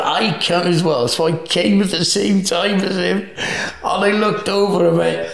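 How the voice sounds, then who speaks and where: A man's voice: on the high side, measured pace, gravelly. A man as an interview guest, telling crude travel anecdotes with frequent laughter. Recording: echoey room.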